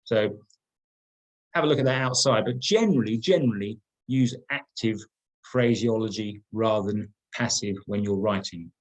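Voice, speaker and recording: A man's voice: on the low side, normal speed, rough recording. A middle-aged man leading an online training workshop, talking conversationally, repeating words and stressing key points. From England.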